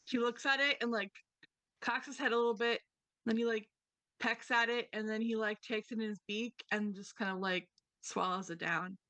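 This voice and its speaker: Bright-voiced woman game master. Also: on the high side, steady tone, normal speed, no room sound. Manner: loose narration with many fillers. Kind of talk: narrating a tabletop game.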